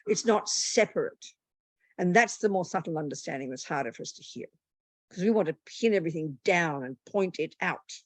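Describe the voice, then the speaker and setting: A woman's voice: fairly low pitch, no room sound. A woman, a Buddhist nun, teaching a meditation retreat in a blunt, plain-spoken and humorous way.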